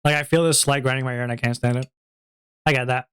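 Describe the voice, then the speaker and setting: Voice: mid-range voice, fairly even intonation, fast, a bit bright, smooth, no echo, clean studio sound. A streamer in casual stream chat, playful and rambling, with frequent giggles, talking into a home streaming mic.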